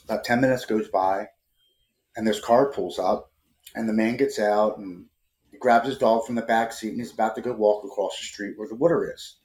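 Man in his 40s telling his story, earnest, repeats words a lot, lowish voice. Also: fairly even intonation, normal speed, a little mellow, slight background noise. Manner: earnest, emotional, repeats words when starting sentences. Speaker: podcast guest. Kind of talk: personal storytelling. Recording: roomy echo.

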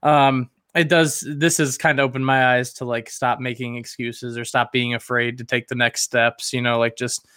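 A man's voice: mid-range voice, little pitch movement, normal speed, hardly any pauses, bright, forceful tone, clean tone, no room sound, clean studio sound. Chatty man hosting a podcast. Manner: chatty, filler-heavy, self-mocking. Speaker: podcast host. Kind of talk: casual podcast chat.

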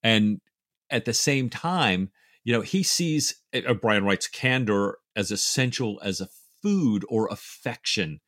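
A man co-hosting a book discussion podcast, talking in a reflective, emotional way with halting restarts. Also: on the low side, animated, fairly bright tone, no room sound, clean studio sound. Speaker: podcast co-host.

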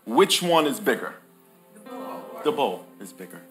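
A preacher man gives a lively, playful sermon, pulling his congregation into call-and-response. His voice is bright and ringing. Soft music sits faintly behind him. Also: medium pitch, measured pace. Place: church hall with live congregation.

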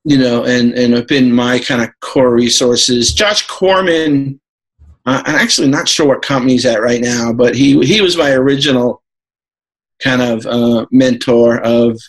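A man's voice: medium pitch, a little slow, poor audio. A man from New York, a podcast guest, talking in a rambling, casual way with lots of fillers and laughing asides.

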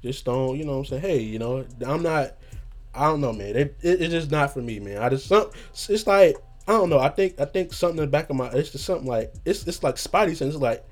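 A man hosting his own show, telling a rambling casual story with a just-woken hoarse voice and a habit of saying "you know what I'm saying". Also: a little high, animated, fast talker. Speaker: podcast host.

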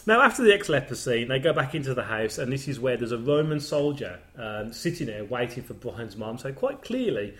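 A man's voice: medium pitch, very animated, fairly quick, few pauses, fairly bright tone. A man in casual conversation, enthusiastically retelling comedy scenes and laughing along. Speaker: podcast host. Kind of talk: casual film chat.

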